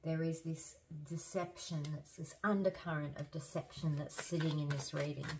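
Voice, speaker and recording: Tarot reader, female, slightly low voice, hoarse, rambling delivery, noticeable background noise. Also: steady tone, moderate pace. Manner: chatty, thinks aloud with fillers and restarts. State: hoarse, losing her voice. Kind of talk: casual tarot reading.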